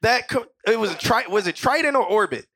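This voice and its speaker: A man's voice: sits high, animated, a little fast, sharp tone, no room sound. A man co-hosting a casual livestreamed chat show, laughing often and swearing freely. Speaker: podcast co-host.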